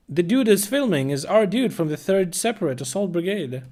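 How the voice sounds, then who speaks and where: Blunt, profane streamer man, slightly high voice. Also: big pitch swings, a little fast, few pauses. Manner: profane, blunt, bursts of loud laughter. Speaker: streamer reacting to war news. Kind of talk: casual live-stream commentary.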